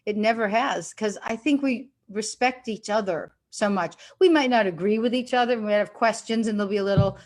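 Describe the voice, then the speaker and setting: A woman in her sixties, a guest actress, chatting candidly and animatedly over a video call. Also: medium pitch. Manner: candid, animated storytelling with quick asides. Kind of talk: casual interview chat.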